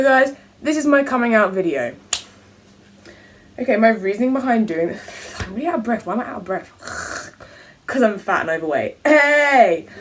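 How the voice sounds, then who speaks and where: A woman's voice: on the low side, distant mic. A teenage girl from England with an English accent, chatting to camera in a casual, self-mocking vlog. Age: teens. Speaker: vlogger.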